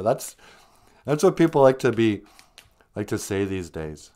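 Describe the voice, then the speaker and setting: A man hosting a live stream in a slow, unhurried way, his pitch swinging up and down as he talks. He teases viewers with mock-stern scolding and keeps the chat playful. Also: sing-song, warm tone. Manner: playful, teasing banter with viewers. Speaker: live-stream host teaching Ojibwe words.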